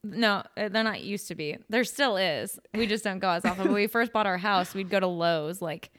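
A woman's voice: mid-range voice, moderate pace, fairly bright tone, no echo, clean studio sound. A woman from the Midwest in casual podcast chat, telling stories and acting out the voices of people she quotes. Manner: chatty storyteller who acts out quoted voices.

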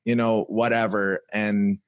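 A man's voice: fairly low pitch, level tone, a little slow. A man hosting a podcast in casual chat, frank and swearing freely. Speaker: podcast host.

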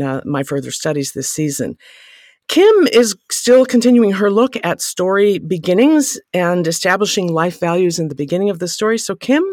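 A man's voice: high-pitched, no echo, studio quality. A man co-hosting a podcast who praises a colleague's idea enthusiastically and hands off to the next speaker. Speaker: podcast co-host.

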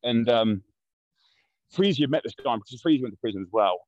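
Speaking brisk and animated, this Londoner is a podcast guest spinning a casual, blunt, swear-laden yarn that wanders a bit. His voice sits mid-range with a darkish tone and no room sound, on dry, muffled lo-fi audio.

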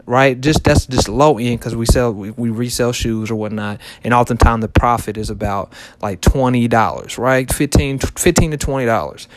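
A man's voice: medium pitch, moderate pace, hardly any pauses, slight background noise. A man in his thirties talking casually to his viewers in a loose, repetitive way, full of fillers and restarts. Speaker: vlogger and shoe reseller. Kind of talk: casual motivational talk to camera.

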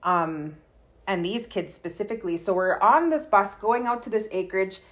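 A woman's voice: medium pitch, normal speed, fairly bright tone. A woman from Canada, a guest telling personal stories in a candid, chatty way, full of likes and ums. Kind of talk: casual storytelling conversation.

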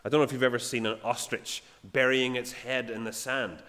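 A man giving a sermon in a plain conversational way, often pausing with fillers. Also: mid-range voice, little pitch movement, fairly bright tone, big-room sound. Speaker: preacher.

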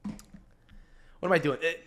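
A man's voice: slow, fairly bright tone. A man hosting a casual podcast, rambling and swearing freely, with frequent restarts. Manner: rambling, profane, restarts often. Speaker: podcast host.

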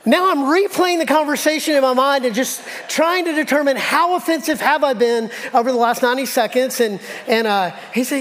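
Pastor, man, middle-aged, higher voice; conversational sermon, acts out stories; long church reverb. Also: normal speed, fairly bright tone. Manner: conversational, self-deprecating, acts out dialogue. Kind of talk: sermon with personal storytelling. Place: church sanctuary.

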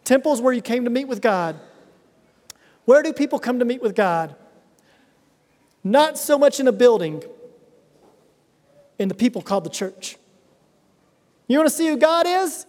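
A middle-aged male pastor with a notably high voice delivers an earnest sermon, leaning on emphatic repetition. His words ring out with a long reverb, as if filling a large church sanctuary. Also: very animated, normal speed, long pauses, a little mellow. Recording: reverberant hall sound.

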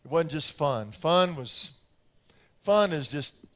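An older American man preaches slowly in a voice on the high side. His sermon is animated storytelling, with little scenes where he imitates his kids.

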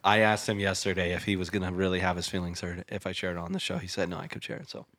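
A man's voice: deep voice, flat delivery, rapid-fire, fairly bright tone. A young man hosting a casual chat show, telling a story in a laid-back way, often saying "dude" and "bro" and laughing. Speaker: podcast host.

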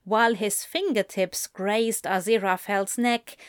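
Slow, gentle woman narrating a romance. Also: medium pitch, steady tone, clean tone, no room sound, studio quality. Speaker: audiobook reader. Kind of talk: romance fan fiction reading.

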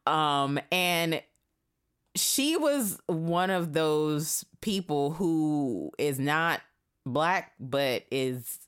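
A woman's voice: low voice, lively intonation, very slow, clear, resonant tone. A woman in her thirties, a podcast guest, telling stories from her past in a candid, slangy and profane way, with lots of fillers. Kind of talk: casual chat, storytelling.

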